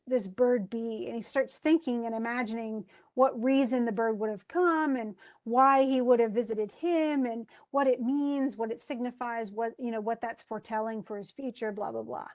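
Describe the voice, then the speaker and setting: A woman's voice: on the high side, darkish tone. A woman teaching a literature class, explaining a poem in a chatty way with frequent restarts. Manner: chatty, restarts often, paraphrases casually. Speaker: English literature instructor.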